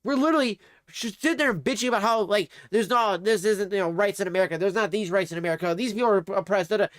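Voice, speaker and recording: A man's voice: high voice, fast, no echo. Male streamer, profane sarcastic ranter, dry close sound. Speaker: livestreamer. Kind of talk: angry livestream commentary. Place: home streaming setup.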